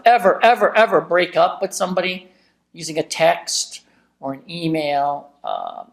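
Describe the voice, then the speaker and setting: A woman talking casually to camera about communication. She is blunt, salty and joking, and swings between loud remarks and hushed asides. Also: on the low side. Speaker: motivational vlogger. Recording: echoey room.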